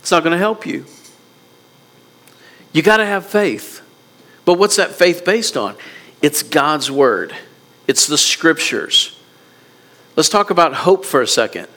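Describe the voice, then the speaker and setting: A male pastor delivers a sermon with a high, bright voice that rings out. He talks to the congregation directly, stresses his points with repetition and stumbles over words as he pushes forward. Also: expressive, a little slow, long pauses. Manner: emphatic, repeats words, asks the congregation questions.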